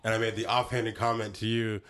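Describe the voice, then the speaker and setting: A man's voice: fairly low pitch, level tone, brisk, a bit bright. Joking, rambling young man hosting. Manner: joking, rambling, swears a lot. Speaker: podcast host. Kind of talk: casual chat.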